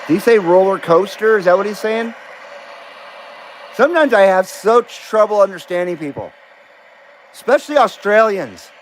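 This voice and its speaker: A man's voice: sits high, lively intonation, normal speed, long pauses, a little hiss or hum. A middle-aged man hosting a live CB radio stream, chatting casually and joking easily with radio contacts.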